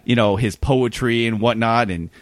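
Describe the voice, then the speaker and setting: This man tells a wandering anecdote at normal speed in a medium-pitched voice, recorded dry. His casual storytelling is lively and peppered with "uh" and "whatnot."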